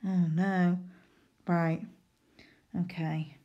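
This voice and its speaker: A woman's voice: on the low side, big pitch swings, a little slow, long pauses. A woman teaching a phonics lesson to young children, sounding out letters and playfully pretending to make mistakes. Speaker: primary school teacher.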